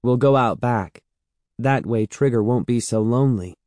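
A man reading aloud and voicing a young boy who talks softly to his dog and yells when alarmed in a storybook. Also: mid-range voice, normal speed, no echo, studio quality, close to an everyday voice. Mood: plain. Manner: soft and gentle at rest, yelling when alarmed.

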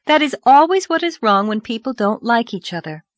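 A woman voicing a dreamy earnest young girl, storybook reading, animated, dry recording. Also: on the high side, normal speed, no room sound, pitched above the performer's own voice. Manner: lively, earnest, reproachful. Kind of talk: audiobook character voice.

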